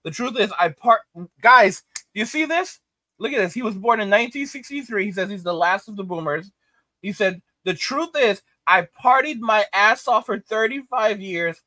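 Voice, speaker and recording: A man's voice: high voice, expressive, normal speed, bright, forceful tone, dry recording. A middle-aged man hosting casual reaction commentary, reading out chat comments, ranting and repeating lines for emphasis with frequent laughs.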